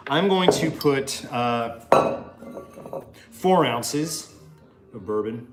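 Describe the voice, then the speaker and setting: A man's voice: mid-range voice, animated, extremely slow, over loud music. A man hosting a casual home cocktail show from his kitchen, joking and rambling with lots of fillers. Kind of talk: casual cooking chat.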